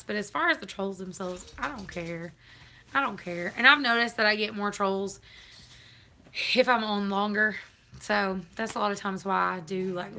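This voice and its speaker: A woman's voice: medium pitch, sharp tone. A woman chatting casually on a live stream, laughing often. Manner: chatty, laughs often, Southern turns of phrase.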